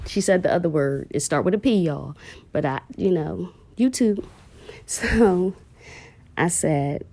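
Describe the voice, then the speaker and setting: Slow, gravelly-voiced woman telling a heartfelt story. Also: mid-range voice, very animated, dark tone, no echo. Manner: heartfelt, emotional, talks directly to viewers with "y'all". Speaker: mother telling a personal story. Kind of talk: personal storytelling to camera.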